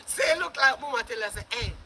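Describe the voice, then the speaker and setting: High shouting Jamaican voice, mocking. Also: normal speed, creaky, slight background noise. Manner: loud, mocking, laughing, swearing, shouts often. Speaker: commentator. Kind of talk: ranting commentary.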